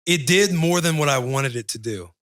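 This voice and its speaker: A man's voice: fairly high pitch, expressive, normal speed, fairly bright tone, no echo, clean studio sound. A man in his thirties, a guest on a podcast, talking in an easygoing, upbeat way in casual chat.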